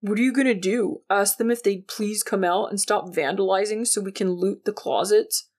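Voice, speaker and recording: A woman's voice: medium pitch, normal speed, darkish tone, natural voice. A woman reading a sarcastic, bossy teen boy.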